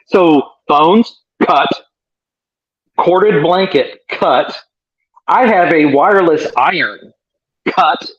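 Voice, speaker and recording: A man's voice: on the high side, animated, extremely slow, pauses often, fairly bright tone, slightly rough. A man co-hosting a live stream from a remote connection, joking and rambling in a casual way. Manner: joking, rambling, laughs easily. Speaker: co-host joining remotely. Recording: dull lo-fi remote call audio.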